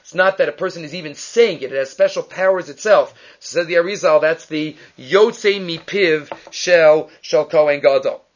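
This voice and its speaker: A man's voice: fairly high pitch, moderate pace, few pauses, slight background noise. A man teaching a Talmud class, quoting Hebrew and Aramaic texts and explaining them in English, often asking and then answering his own questions. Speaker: Torah teacher. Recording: muffled, lo-fi recording.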